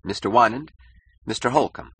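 A man's voice: sits low, sing-song, fairly quick, fairly bright tone, breathy edge, exaggerated voice. A man voicing an ambitious young male architect who talks eagerly and stammers when flustered in an audiobook.

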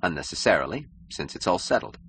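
A man voicing a cynical, powerful male publisher who speaks gravely and with smooth mockery in an audiobook. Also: low voice, sing-song, quick pace, fairly bright tone, a little hiss or hum. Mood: mocking.

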